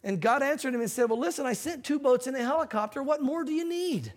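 A man's voice: extremely high pitch, fast. A male pastor preaching a sermon, telling a story with acted-out quotes and teaching from a Bible verse.

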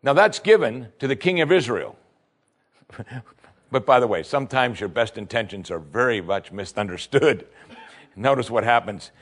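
A man's voice: mid-range voice, animated, moderate pace, pauses often. A man preaching a sermon, retelling a scripture story with emphatic asides to his listeners. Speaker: pastor.

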